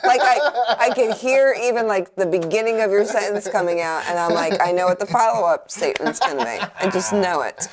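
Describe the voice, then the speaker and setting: A woman's voice: medium pitch, a little fast, hardly any pauses, a crowd in the background. A woman co-hosting a horror podcast in casual chat, teasing and trading short replies. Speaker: podcast co-host.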